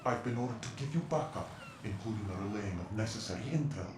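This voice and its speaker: A man voicing a cryptic, commanding covert contact in a video game, who speaks in a cold, measured, secretive way. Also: fairly low pitch, animated, close to an everyday voice. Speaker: mysterious informant in a video game. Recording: echoey game audio with noise.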